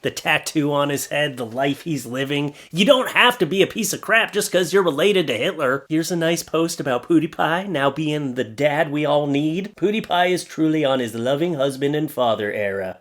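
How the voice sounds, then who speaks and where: Commentary host, man, thirties, mocking and exasperated, voice a bit high. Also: animated, normal speed, few pauses, fairly bright tone. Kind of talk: reaction commentary.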